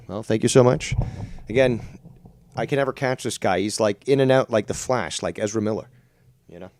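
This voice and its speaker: A low-pitched man gives mocking, sarcastic commentary on a live stream. He speaks casually and says "dude" often. The sound is dry and close to the mic. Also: expressive, normal speed, warm tone, dry recording. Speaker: drama commentary streamer host.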